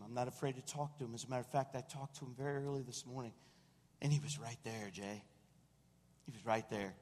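A male senior pastor delivers a Christmas-season sermon in a storytelling style. He speaks at a middle pitch and gets animated as he acts out other people's lines. His voice rings out with the long reverb of a big sanctuary. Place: church sanctuary. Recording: long reverb of a large room.

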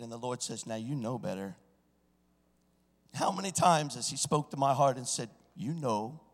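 A man preaching a sermon, swinging from hushed storytelling to loud, shouted exclamations. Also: medium pitch. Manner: preaching with sudden swells into shouting. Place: church. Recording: church sanctuary with long reverb.

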